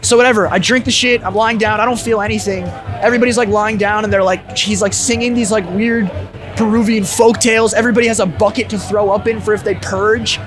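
A young man with a noticeably high voice tells a long personal story as a guest in an interview. He talks in a relaxed, slangy way, packing his sentences with fillers and casual swearing. Faint music plays in the background. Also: fast. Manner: laid-back, filler-heavy slang with frequent "like" and swearing.

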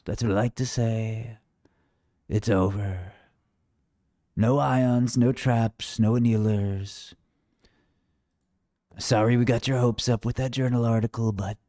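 A man's voice: medium pitch, takes it slowly, pauses often, mellow, no room sound, studio quality. A man giving rambling, sarcastic livestream commentary, mocking and wandering off topic.

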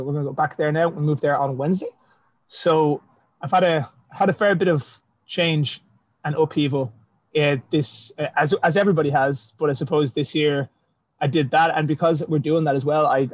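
A man with a fairly high voice and no echo is a guest in a casual video-call interview, where the audio is dull and lo-fi. He self-publishes fantasy novels and is self-deprecating, laughing often.

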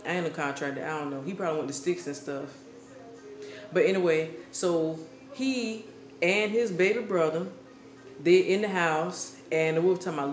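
Animated woman vlogger in echoey room. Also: fairly low pitch, moderate pace, faint music behind. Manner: animated, slangy retelling with laughter. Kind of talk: comic casual storytelling. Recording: echoey room with faint hiss.

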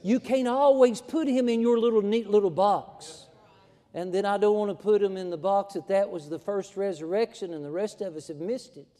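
Folksy preacher in a reverberant church. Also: male voice, sits high, normal speed, dark tone. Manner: folksy, emphatic preaching, rising to a fervent climax. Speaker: pastor. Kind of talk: sermon. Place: church sanctuary.

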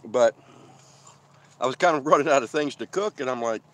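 A man with a mid-range, slightly bright voice talks a little fast, and there's no room sound. As a van-life vlogger hosting a live stream at an outdoor desert campsite, he chats and rambles between bites, reading out what viewers comment.

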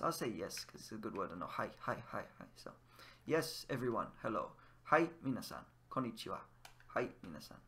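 A man giving a casual spoken language lesson while playing a game, patiently repeating each word slowly for the learner. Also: mid-range voice, bright, forceful tone. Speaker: language teacher in a game video.

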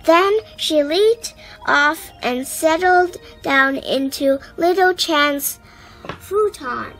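A woman storyteller reading a picture book aloud to children in an expressive way. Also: high voice, very slow, soft background music, rough recording.

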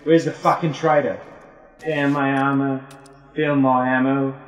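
A man's voice: medium pitch, flat delivery, measured pace, recorded from a distance, highs cut off. A man co-hosting a let's play, joking and barking orders at teammates in a mock British accent. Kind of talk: casual gaming banter. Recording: roomy, off-mic, faint noise.

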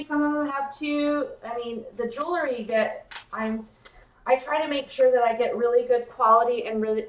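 Fairly high in pitch, this woman hosts a relaxed live-stream jewelry sale late at night. She's excitable and effusive, addresses viewers by name, and comes across giddy but tired.

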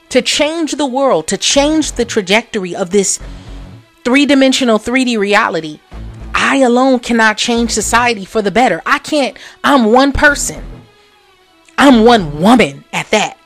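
With faint music in the background, a woman hosting a motivational podcast speaks in an animated, unhurried way. She preaches and repeats phrases for emphasis, moving from quiet murmurs to loud outbursts.

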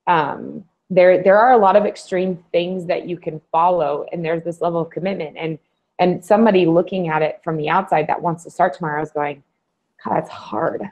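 A woman on a fitness panel who talks in a lively way and acts out the voices she quotes. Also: lowish voice, brisk. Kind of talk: casual panel discussion. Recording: slightly dull lo-fi audio.

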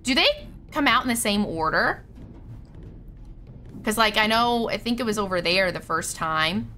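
A woman's voice: mid-range voice, big pitch swings, a little slow, pushed and bright, faint music behind. A young woman streaming a horror game live, panicking, shrieking and swearing as she plays. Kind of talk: live gameplay commentary.

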